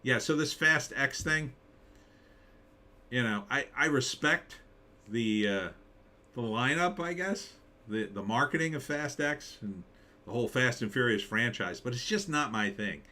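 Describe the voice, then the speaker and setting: A middle-aged man hosting a casual live stream, ranting and mimicking critics in squeaky voices. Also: measured pace. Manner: animated, mocking impressions in high voices. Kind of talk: casual political commentary.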